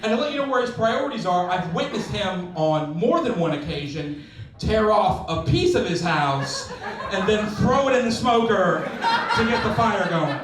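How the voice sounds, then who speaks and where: A man's voice: high-pitched, very animated, moderate pace, fairly bright tone. Man from Oklahoma in a very echoey room. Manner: casual, storytelling, lots of "like". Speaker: stand-up comedian. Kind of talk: stand-up comedy set. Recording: very echoey room, distant mic, background noise.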